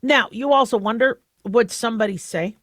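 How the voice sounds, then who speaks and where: A woman's voice: fairly high pitch, normal speed, a bit bright, no echo, clean studio sound. A woman hosting a talk radio show, explaining medical news in a chatty way with many fillers and restarts.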